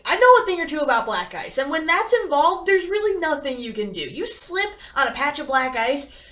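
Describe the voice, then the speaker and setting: A young woman from Michigan reading a novel aloud and commenting on it with sarcasm, animated and prone to swearing. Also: sits high, fairly quick, distant mic. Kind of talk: sarcastic read-along commentary.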